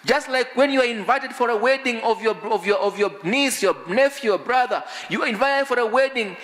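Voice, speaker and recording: High-voiced, exhorting male preacher. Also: pushed and bright, big-room sound. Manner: exhorting, asks the congregation rhetorical questions. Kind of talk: sermon. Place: church sanctuary.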